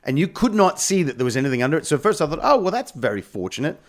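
Man, co-host, casual chat, laughs easily, expressive intonation. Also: fairly high pitch, rapid-fire. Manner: chatty, laughs easily, tells neighborhood anecdotes. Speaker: podcast co-host.

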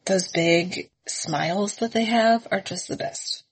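Upbeat husky woman podcast co-host. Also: medium pitch, takes it slowly, rough recording. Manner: upbeat, agreeable, laughing. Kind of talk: casual podcast chat. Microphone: remote recording.

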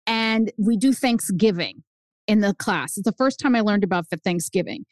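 A woman guest author chatting on a podcast, animated and telling stories while acting out quoted lines. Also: medium pitch, moderate pace, no echo. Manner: animated storyteller, acts out quotes. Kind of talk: casual podcast chat.

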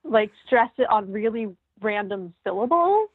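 Husky-voiced woman on a tinny line. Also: fairly high pitch, expressive, a little slow, no room sound. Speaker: podcast co-host. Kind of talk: casual chat about music. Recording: tinny phone-like remote line.

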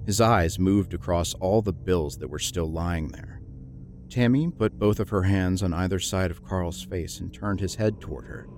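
Deep-voiced man narrating a horror story. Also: darkish tone, a little hiss or hum. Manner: low, measured, grim storytelling.

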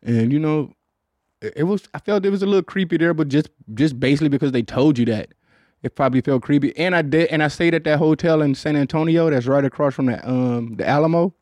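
A man's voice: on the high side, fast, a little mellow, no echo. A man hosting a podcast, chatting in a loose, rambling, profane way with lots of fillers, recorded in a studio booth. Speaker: podcast host. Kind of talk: casual podcast chat.

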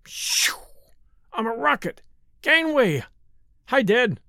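A small boy in an audiobook, voiced by a man, exuberant and noisy, zooming about with his voice. The pitch leaps high and swings widely, with a touch of rasp. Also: very animated, unhurried, no room sound, studio quality, heavily acted. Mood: excited. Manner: exuberant, shouting playfully. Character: young boy, excited rocket-mad son.

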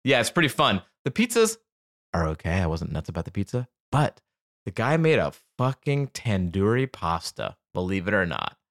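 A man's voice: fairly low pitch, sing-song, moderate pace, fairly bright tone. Enthusiastic, swearing young man co-host. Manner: enthusiastic, profane, joking. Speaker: podcast co-host. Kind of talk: casual chat.

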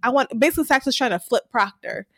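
A woman's voice: on the high side, lively intonation, quick pace, a bit bright, no echo. A woman co-hosting a podcast, casually recapping a TV episode and animatedly acting out the characters' lines. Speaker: podcast co-host.

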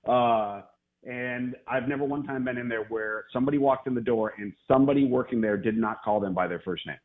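A man's voice: mid-range voice, brisk. A man calling in as a college football analyst, telling stories casually and repeating himself for emphasis. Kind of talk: casual radio chat. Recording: phone-line guest call.

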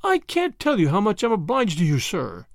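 A man's voice: high-pitched, wildly swooping pitch, moderate pace, dry recording, clean studio sound, pitched above the performer's own voice, exaggerated voice. A man voicing a fussy, easily flustered old grandmother in a read-aloud story. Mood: grateful. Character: fretful chatty old grandmother.

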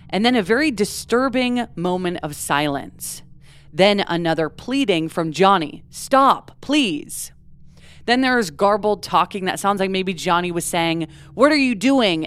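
A woman's voice: lowish voice, smooth. A woman co-hosting a true crime podcast, recounting events in a casual, conversational way with many fillers. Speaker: podcast co-host.

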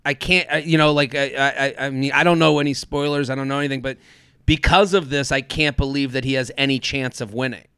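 Gravelly man in casual podcast chat. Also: medium pitch, fairly even intonation, bright, forceful tone, no room sound, studio quality. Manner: halting, many restarts and fillers. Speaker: podcast co-host.

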